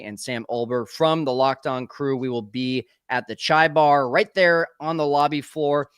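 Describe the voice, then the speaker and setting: A man's voice: medium pitch, clean tone, no room sound, clean studio sound. A man hosting a live sports talk stream, upbeat and chatty, calling his guests brother. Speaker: podcast host.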